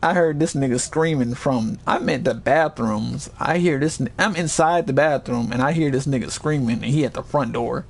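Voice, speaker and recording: Speaking at a normal speed, a man with a gravelly voice casually tells his chat a story with few pauses. He's animated and swears, acting out other people's voices with high-pitched yells.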